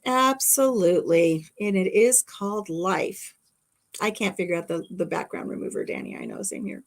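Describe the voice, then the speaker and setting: A woman's voice: mid-range voice, fairly even intonation, moderate pace, a little mellow. A middle-aged woman hosting a casual livestream from her craft room at home, rambling and chatting as she reads viewer comments aloud. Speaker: livestream host.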